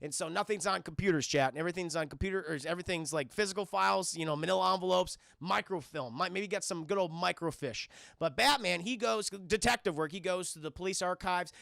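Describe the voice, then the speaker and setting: Fast and gravelly, a young man's voice sits high as he recaps a cartoon episode for a live chat. He reviews cartoons in a loose, profane, animated style, addressing the chat over and over. The sound is clean studio quality with no echo.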